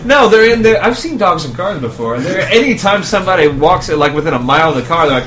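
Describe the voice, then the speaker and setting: Guy chatting, lively up-and-down voice, bit high, echoey room with crowd noise behind. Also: fast talker, few pauses. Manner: animated, acts out voices. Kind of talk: casual chat.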